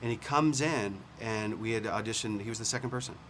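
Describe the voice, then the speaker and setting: Earnest director, lowish voice, noisy room. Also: male voice, a bit bright. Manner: earnest, halting with restarts, laughs easily. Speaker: film director and screenwriter. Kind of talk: casual press-junket chat. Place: hotel room at a press junket.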